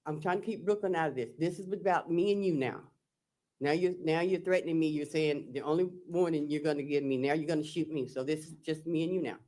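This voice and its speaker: In court, a woman testifying in her own defense reads her texts aloud in a low-pitched, warm voice. Her manner is plain-spoken, slow, and hesitant, and she narrates each exchange with "I said" and "he said."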